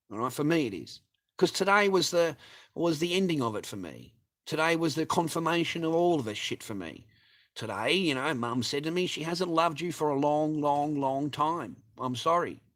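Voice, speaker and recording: A man rants on a livestream, his voice sitting a little high. He swears constantly and mocks his targets with heated scorn. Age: adult with a child. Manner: profane, heated and mocking. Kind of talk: ranting livestream monologue.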